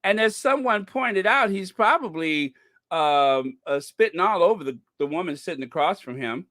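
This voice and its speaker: A man hosting a royal gossip channel, talking in a casual, mocking commentary that jumps into high sarcastic squeals. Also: very animated, normal speed, sharp tone, no echo. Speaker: channel host.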